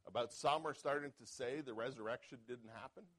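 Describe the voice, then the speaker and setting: Medium-pitched and fairly quick, a man's slightly rough voice comes through a rough recording as he preaches as pastor. He reads scripture out loud, asks the congregation "Amen?", and shifts from hushed asides to loud, forceful stretches.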